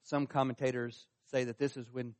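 A man's voice: mid-range voice, flat delivery, normal speed, no room sound. A man preaching a sermon, earnest and pressing his points, lifting his voice when he reads scripture. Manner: earnest, rising in emphasis on scripture quotes. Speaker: pastor.

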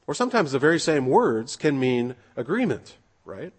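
A man delivering a sermon in a husky, slightly breathy voice. He preaches earnestly, reads scripture aloud and presses his points with rhetorical questions. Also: mid-range voice, big pitch swings, normal speed.

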